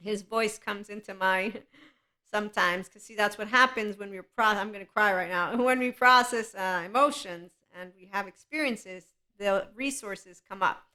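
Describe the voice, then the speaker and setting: A woman hosting a podcast alone, talking in an animated, rambling way and laughing often. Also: medium pitch, normal speed. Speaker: podcast host. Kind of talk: solo podcast monologue.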